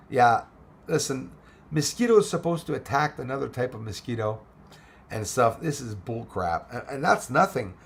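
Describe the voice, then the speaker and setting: A medium-pitched voice with vocal fry belongs to a man hosting a casual live chat, who wanders from topic to topic while reading out viewers' comments and thanking them by name.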